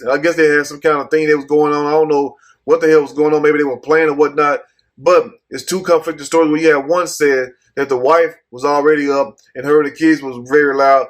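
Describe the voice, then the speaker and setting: A man giving blunt, profane casual commentary while reading out a news story. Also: fairly high pitch. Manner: blunt, cussing, rhetorical asides. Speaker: commentary host.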